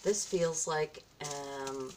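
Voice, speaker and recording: A woman's voice: low-pitched, extremely slow, a little mellow, slight background noise. A woman vlogging casually as she opens gifts, effusive and gushing, often gasping and exclaiming. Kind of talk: casual vlog, opening gifts from a viewer.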